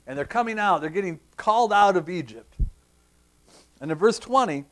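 Pastor guy preaching, tells a story, gets teary, voice a bit high. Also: moderate pace. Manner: storytelling, animated, emotional. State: tearful. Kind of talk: sermon.

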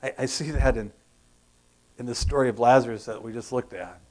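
A man preaching a sermon, animated, asking the congregation questions and acting out sounds. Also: medium pitch, brisk. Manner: animated, acts out groans and crowd sounds, asks the congregation questions. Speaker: pastor.

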